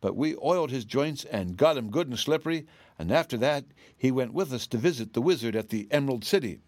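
A man voicing a confident little girl in a storybook reading, speaking in a bright, matter-of-fact way. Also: mid-range voice, lively intonation, a little fast, dry recording, lightly acted. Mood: earnest.

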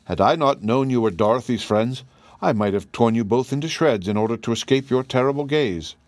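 A man voicing a meek, mild-mannered male lion in a storybook reading, speaking politely and gently. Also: medium pitch, brisk, dry recording, close to an everyday voice.

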